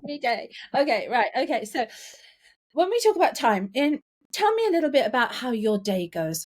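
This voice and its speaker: A woman co-hosting a casual coaching podcast, playful and quick to laugh. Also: high-pitched, very animated, a little hiss or hum. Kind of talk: casual chat.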